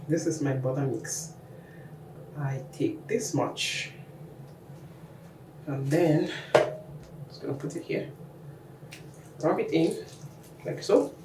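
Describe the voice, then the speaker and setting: A woman's voice: low-pitched, slow, pauses often. A woman walking viewers through her hair care routine in a casual, chatty how-to vlog. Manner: chatty, talks the viewer through each step. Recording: echoey room, mic at a distance, faint noise.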